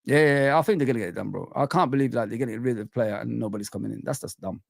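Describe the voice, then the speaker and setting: A man's voice: mid-range voice, racing, creaky, dry recording, clean studio sound. A young man hosting a casual live stream, reading out the chat and giving blunt, slangy football opinions. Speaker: livestream host reading chat.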